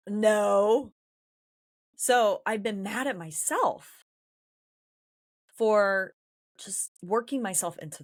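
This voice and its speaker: Woman, podcast host, personal monologue, candid, introspective, middle pitch. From San Diego, California. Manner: candid, introspective, emotionally open.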